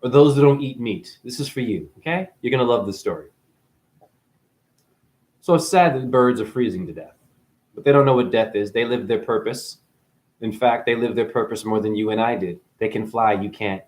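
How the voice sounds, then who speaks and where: A man's voice: medium pitch, moderate pace, a little mellow. A man delivering a profane, preachy spiritual rant straight at his viewers, swearing freely as he lectures them. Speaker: vlogger.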